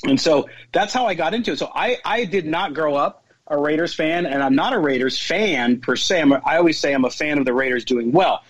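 A man's voice: on the high side, brisk, few pauses, no echo, muffled recording. A man from the Chicago area, a sports podcast guest, telling his background with some restarts. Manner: fluent storytelling with some restarts. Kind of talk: casual interview talk.

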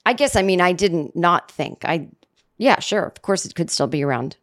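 A woman's voice: fairly low pitch, lively intonation, normal speed. Sarcastic rambling woman podcast host. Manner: sarcastic, rambling, self-deprecating asides. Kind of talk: solo comedic podcast monologue. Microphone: studio microphone.

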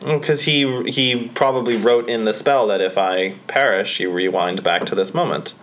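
A man's voice: medium pitch, normal speed, a bit bright, low-quality recording. Dry-voiced man co-hosting a podcast. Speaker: podcast co-host. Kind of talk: casual chat.

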